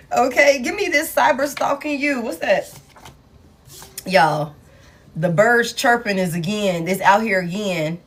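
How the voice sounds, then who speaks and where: An unhurried woman with an animated, medium-pitched voice chats casually with viewers about a tarot reading. She laughs a lot, swears, and playfully acts out the people who come up in the reading.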